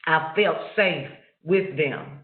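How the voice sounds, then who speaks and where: A man slowly and reflectively telling a personal childhood story during a webinar, heard over a video call. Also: on the high side. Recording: echoey, phone-like call audio.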